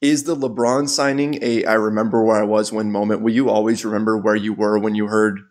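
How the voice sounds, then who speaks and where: A man hosts a sports podcast in a relaxed, conversational way. He asks questions and laughs along with his guest. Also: lowish voice, a little fast. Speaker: podcast host. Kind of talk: casual podcast talk.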